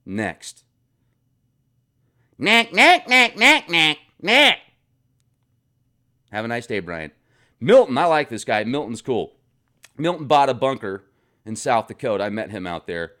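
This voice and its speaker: Animated, sarcastic male vlogger. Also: lowish voice, normal speed. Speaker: host reading viewer comments. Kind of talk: comedic comment-reading vlog. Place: home garage.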